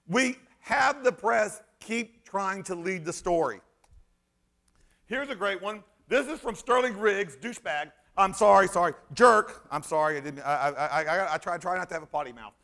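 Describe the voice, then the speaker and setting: A man giving an animated conference talk, sarcastic and emphatic, rambling through restarts and breaking into shouts. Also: high voice, moderate pace, vocal fry. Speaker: conference speaker. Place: conference hall stage.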